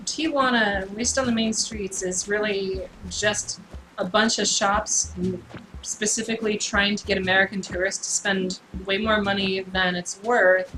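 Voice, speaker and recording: A woman's voice: medium pitch, steady tone, measured pace, noisy background. A young woman from California chatting casually on a gaming livestream, rambling, giggling and swearing freely. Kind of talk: casual gaming stream chat. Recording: game music playing under voice. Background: game music.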